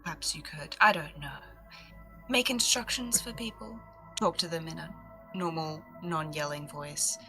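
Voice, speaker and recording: A woman's voice: deep voice, unhurried, pushed and bright, soft background music. A woman playing in a tabletop game, speaking in character in a dry, sarcastic way. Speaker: player.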